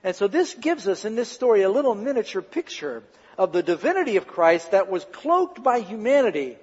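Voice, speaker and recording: A man preaching a sermon with a high, husky voice, and he tells the story with dramatic flair and asks the congregation rhetorical questions. The recording is dull and lo-fi, with a long reverb trailing each phrase. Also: sing-song, brisk, darkish tone. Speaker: pastor.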